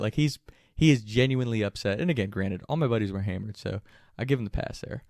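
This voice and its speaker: Gravelly young man telling a wild story. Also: fairly low pitch, fast talker, hardly any pauses, no room sound, clean studio sound. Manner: animated, profane, laughing often. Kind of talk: casual comedic storytelling.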